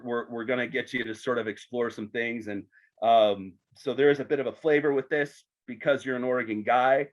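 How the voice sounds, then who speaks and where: A man hosting a podcast, asking questions in a chatty, joking way with some false starts. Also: medium pitch. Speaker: podcast host. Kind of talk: casual interview chat.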